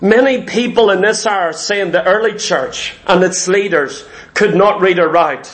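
A man preaching a sermon, with an emphatic, repetitive cadence and drawn-out, stressed words. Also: sits high, fairly bright tone.

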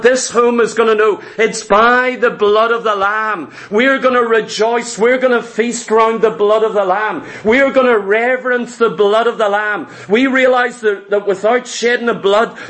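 A man preaching a sermon in a notably high voice, driving his points home with emphatic, rhythmic repetition. His delivery surges and slows for emphasis. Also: fairly bright tone.

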